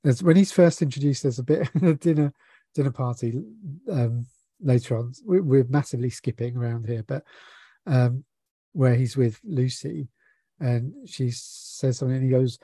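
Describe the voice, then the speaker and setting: A man with a mellow, darker voice talks easily as a podcast co-host, agreeing a lot and riffing on the film. The sound is close and dry, with no room echo. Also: medium pitch, normal speed, breathy edge. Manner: easygoing, frequent agreeing yeahs. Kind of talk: casual film review chat.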